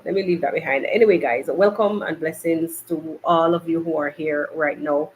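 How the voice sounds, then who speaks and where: Brisk and medium-pitched, a Jamaican podcast host chats and rambles directly to live viewers during a casual live-stream. The setting is a hot, bright makeshift home studio, with a laptop doing the recording. Audio quality is poor, with a little hiss or hum.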